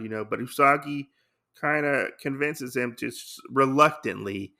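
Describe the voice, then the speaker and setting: Gravelly, bright-voiced man rambling through a recap. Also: medium pitch, normal speed. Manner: rambling, lots of filler. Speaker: podcast host. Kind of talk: casual comic book recap.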